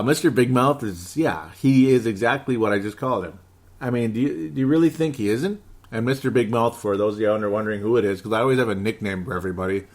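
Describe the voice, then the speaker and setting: A man in his thirties hosting a casual sports podcast, excitable and rambling, reading out listener comments. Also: mid-range voice. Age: 30s. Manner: hyper, excitable, rambling with laughs. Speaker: podcast host.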